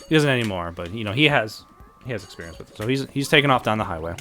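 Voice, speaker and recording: A man's voice: lowish voice, animated, racing, fairly bright tone, slight background noise. A young man telling a long, rambling comic story in casual chat, restarting his sentences often. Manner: rambling, many restarts, acts out characters. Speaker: podcast co-host.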